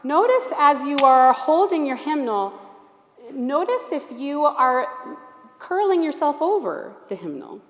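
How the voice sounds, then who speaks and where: A woman teaching a church group, her voice sitting a little high and friendly as she coaxes people to try things out. She speaks in a large hall, and her words ring on with a long, roomy echo. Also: big pitch swings, unhurried. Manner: gentle, encouraging, invites the group to try things. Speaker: Alexander Technique teacher leading a workshop. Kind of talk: guiding a group exercise.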